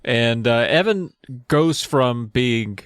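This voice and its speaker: A man co-hosting a podcast, casually recapping a book in an animated way, slipping into quick character voices. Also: mid-range voice, clean tone, no room sound, studio quality. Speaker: podcast co-host.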